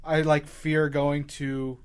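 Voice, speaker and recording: A man from New York co-hosting a comics podcast, talking in a rambling, hesitant, excitable way. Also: fairly high pitch, slow pace, smooth. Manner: rambling, hesitant, many fillers and restarts. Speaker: podcast co-host. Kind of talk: casual chat about comics.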